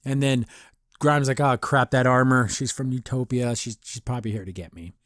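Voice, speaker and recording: A man with a steady, fairly bright mid-range voice speaks at a normal speed as a podcast host. He casually rambles through a cartoon episode review, often laughing and voicing the characters' lines.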